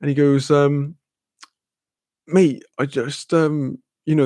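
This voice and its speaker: A man's voice: fairly high pitch, slow pace, pauses often, mellow, no echo. A young man, casually telling a rambling story with lots of fillers, laughter and swearing. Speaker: streamer.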